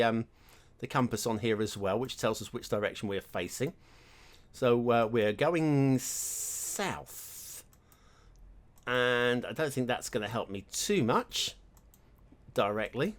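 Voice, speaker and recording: A man's voice: medium pitch, normal speed. A man hosting his own gaming channel, chatting and thinking aloud while commenting on his gameplay.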